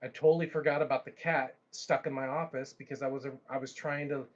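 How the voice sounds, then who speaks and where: A man's voice: medium pitch, fast talker, highs cut off. Rambling man telling a story. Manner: animated, rambling, frequent restarts. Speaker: livestream host. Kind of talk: casual storytelling.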